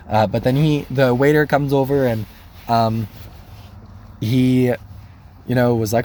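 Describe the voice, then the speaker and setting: A man's voice: medium pitch, normal speed, a little mellow, slight background noise. A young man, a college student, casually rambling through a dating story, full of "like", self-corrections and easy laughs. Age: young adult.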